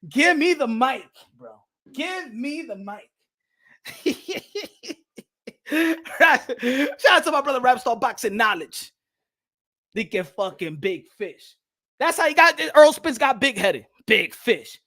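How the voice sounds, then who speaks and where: A man's voice: extremely high pitch, big pitch swings, takes it slowly, a bit bright. A man commenting on boxing in a rowdy, joking rant who repeats himself and laughs often. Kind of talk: casual rant.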